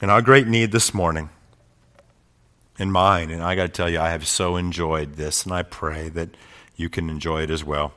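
A man preaching a sermon who swells into loud, rousing passages and then drops to quiet, reflective asides. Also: low voice, fairly even intonation, moderate pace. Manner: builds to loud climaxes quoting speeches. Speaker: pastor.

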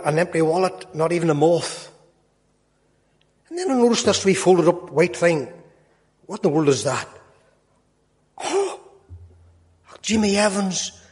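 A man in his sixties telling a personal testimony with folksy, self-mocking humour. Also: sits high. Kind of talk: storytelling testimony. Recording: long hall reverb.

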